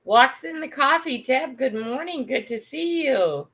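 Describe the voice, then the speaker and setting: A woman's voice: high-pitched, lively intonation, a little slow, fairly bright tone, slightly rough. An older woman hosting a casual morning livestream from home, chatting, greeting viewers by name, and laughing often. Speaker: livestream host.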